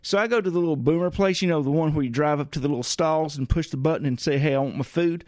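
A man's voice: a little high, fast, a little mellow, no echo, studio quality. A man hosting a radio show, telling a rambling comic story in a folksy way, with grumbling asides. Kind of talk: comedic rambling monologue.

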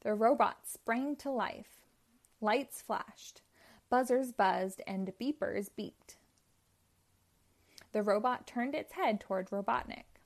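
Woman storyteller, children's chapter book, slow, expressive, high-ish voice.

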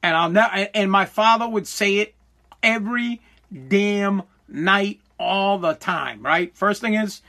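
Speaking at a measured pace, this forties-aged podcast host has a high-pitched, sharp voice. His motivational monologue is emphatic and profane, and he keeps restarting his sentences.

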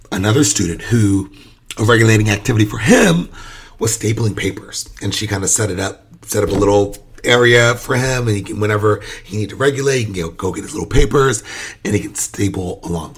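Low husky-voiced male podcast host. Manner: loose and chatty, many fillers and restarts. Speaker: early childhood educator. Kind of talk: casual podcast monologue.

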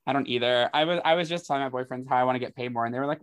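A man's voice: medium pitch, very fast, clear, resonant tone, no echo. A man chatting casually as a playful podcast guest, with teasing humor. His mid-range voice is recorded close and dry, with almost no room around it. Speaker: podcast guest, drag performer. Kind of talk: casual chat.

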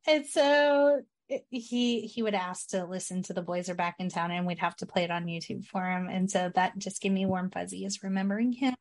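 This is a woman hosting a podcast. Her voice sits in the middle of her range. She retells film scenes in a relaxed, storytelling way. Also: medium pitch. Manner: storytelling, acts out quotes. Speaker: podcast host. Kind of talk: casual chat, recapping a film.

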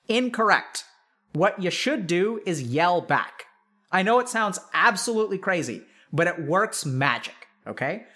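A man, a psychiatrist, explaining in casual chat to a live audience, animated and full of filler words. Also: high-pitched. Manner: animated, filler-heavy, addresses audience directly. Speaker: psychiatrist and streamer host.

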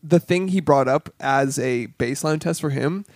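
A man's voice: mid-range voice, normal speed, dry recording. A man co-hosting a casual podcast, rambling through film trivia with many restarts and casual swearing. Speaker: podcast co-host. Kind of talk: casual chat.

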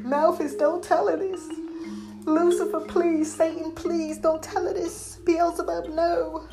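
A woman's voice: extremely high pitch, level tone, unhurried, over music, pitched above the performer's own voice. A woman voicing a scared, embarrassed young man who frantically begs and pleads. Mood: begging. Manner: desperate begging, whiny.

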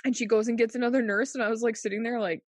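Woman, casual storyteller, animated and quick to laugh, dry close sound. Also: no room sound. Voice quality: frequent fillers like "like" and "um". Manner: animated, laughs often, acts out quotes in a higher voice.

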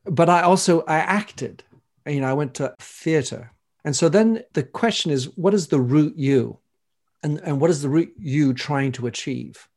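A middle-aged man with a French accent, a guest in an interview answering in a reflective, measured way. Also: mid-range voice, darkish tone.

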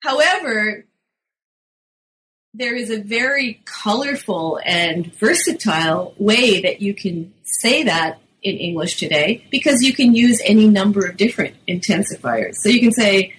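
A middle-aged woman, a linguist, answering interview questions about her book in a lively explanatory way, sometimes acting out quotes. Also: mid-range voice, unhurried, poor audio. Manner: lively, acts out teen quotes. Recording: faint background noise.

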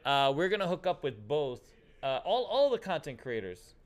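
Excitable rambling man hosting a stream. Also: on the high side, moderate pace. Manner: excitable, rambling, fond of "dude". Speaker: host. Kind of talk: casual livestream chat.

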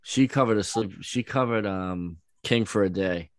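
A man hosting a casual chat, talking loosely, with swearing and quick interjections. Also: fairly low pitch, no room sound, clean studio sound.

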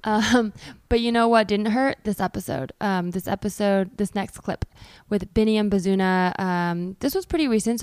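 A woman's voice: medium pitch, darkish tone, clean tone, dry recording. Chatty woman podcast host, dry close mic. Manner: chatty, candid, self-deprecating, many fillers. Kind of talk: casual podcast chat and clip introductions.

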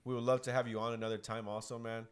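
A man co-hosting a podcast in casual chat, laid-back and laughing often, with a slightly rough throat. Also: mid-range voice, flat delivery, fast, slight background noise. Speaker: podcast co-host.

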